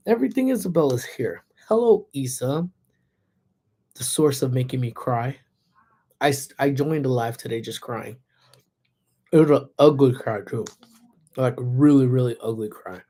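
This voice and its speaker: A man with a slightly hoarse throat, chatting casually on a livestream, greeting viewers by name and laughing often while parked in his car. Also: mid-range voice, dark tone. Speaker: livestreamer who also teaches classes. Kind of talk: casual livestream chat reading viewer comments.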